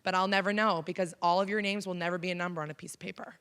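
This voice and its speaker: A woman's voice: fairly low pitch, steady tone, rapid-fire, fairly bright tone, smooth. A woman in her thirties, from Canada, speaking frankly and conversationally to an audience as a keynote speaker, with frequent ums. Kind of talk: personal story talk to an audience. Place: college auditorium.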